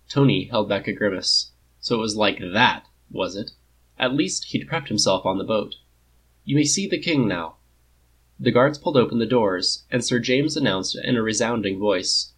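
A man reads a story aloud in a measured, steady way. His voice sits low and has a husky edge. The delivery is calm and even. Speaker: narrator. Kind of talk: audiobook story reading.

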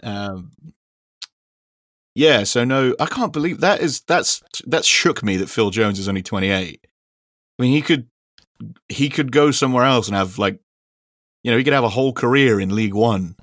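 A man's voice: medium pitch, expressive, moderate pace, a bit bright, no room sound, studio quality. A young man co-hosting a casual football podcast, rambling and laughing often, with casual swearing. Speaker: podcast co-host.

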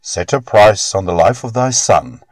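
A man voicing a grave, measured elder male god who speaks in solemn, archaic words, in a storybook reading. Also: lowish voice, animated, darkish tone, no echo.

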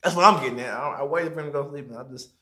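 A young man with a bright, pushed voice races through a long story for friends in casual conversation. He swears freely, mumbles his asides, and switches to high squeaky voices when quoting himself.

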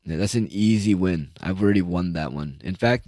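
Deep, mellow male host, dry close mic, rambling sarcastic rant with casual swearing. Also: moderate pace. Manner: profane, sarcastic, with trailing uhs. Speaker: solo podcast host.

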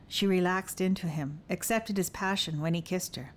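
A woman's voice: fairly low pitch, fairly even intonation, normal speed. Woman narrating a romantic fantasy audiobook.

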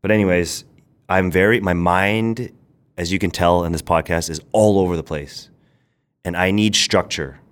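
A young man, a podcast guest, telling his story in casual, rambling speech with filler words and quick bursts. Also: low voice. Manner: rambling, quick bursts, quotes people in animated voices. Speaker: podcast guest, brand founder.

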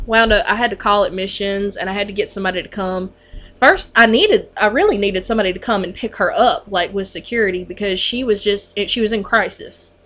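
A woman's voice: mid-range voice, fast talker, fairly bright tone. A woman who works on a mental health unit tells a story in casual conversation, chatty and full of fillers.

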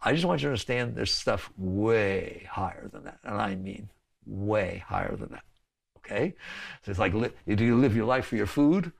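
Man, gravelly, spiritual teacher, conversational talk, laughs between points. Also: on the low side, expressive, moderate pace. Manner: conversational, keeps asking "right?" and "okay?", laughs often.

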